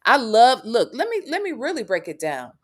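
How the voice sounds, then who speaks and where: A woman's voice: on the high side, huge pitch swings, moderate pace. A woman from the Midwest hosting a casual talk show, blunt and emphatic with frequent swearing. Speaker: podcast host. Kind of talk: casual chat.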